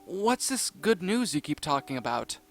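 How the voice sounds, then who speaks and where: A shy, curious young penguin boy from a cartoon, as a man reads him. He stammers and hesitates over his questions, with a lively lilt and faint music behind. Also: a little high, normal speed.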